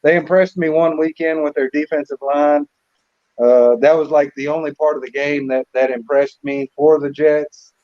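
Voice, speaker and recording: A man's voice: on the high side, normal speed. Man talking football, slightly lo-fi. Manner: relaxed, repeats words while thinking. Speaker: co-host. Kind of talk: casual sports chat. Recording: slightly dull lo-fi audio.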